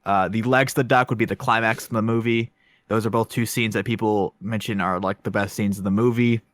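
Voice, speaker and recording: A man's voice: on the low side, steady tone, a little fast, fairly bright tone, no room sound, studio quality. A man co-hosting a podcast, rambling through a film review with many fillers and self-conscious asides. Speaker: podcast co-host.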